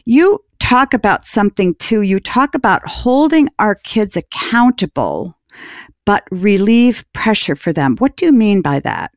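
A woman's voice: medium pitch, sing-song, a little slow, dry recording, clean studio sound. A woman hosting an interview, asking questions and affirming her guest with frequent murmurs. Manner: warm affirming listener, frequent mm-hmms. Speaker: interview host. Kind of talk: conversational radio interview.

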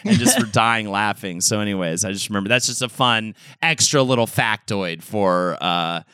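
A man co-hosting a gossip podcast, cracking crude jokes in a loose, rambling way. His voice is bright and smooth, and it sounds close and dry. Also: lowish voice, moderate pace, dry recording. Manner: profane, joking, rambling. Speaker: podcast co-host. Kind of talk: casual gossip chat.

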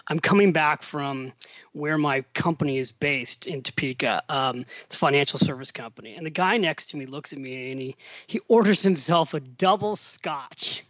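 A middle-aged American man as a podcast guest, telling a story with animated voiced-out quotes and frequent laughs. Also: a little high, moderate pace, no echo, dull audio. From USA. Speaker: podcast guest, finance author. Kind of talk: casual storytelling interview.

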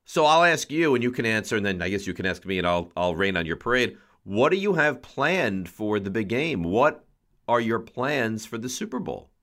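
A man's voice: on the low side, big pitch swings, moderate pace, fairly bright tone. A man hosting a sports talk show, playfully grumpy and emphatic in his complaints. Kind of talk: casual chat.

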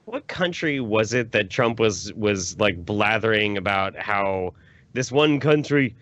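A man talking in casual podcast banter, animated and profane, sometimes bursting into loud shouting. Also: fairly low pitch, unhurried, no room sound, dull audio. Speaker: guest.

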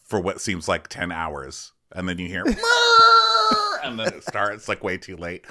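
A podcast co-host in a casual comedic recap, animated, rambling and playful. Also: sits low, normal speed, a loud crowd.

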